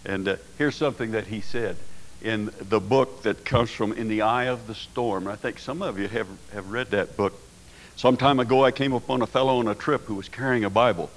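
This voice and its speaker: A pastor preaching a sermon in a folksy way, rising to emphatic peaks. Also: male voice, lowish voice, brisk, rough recording.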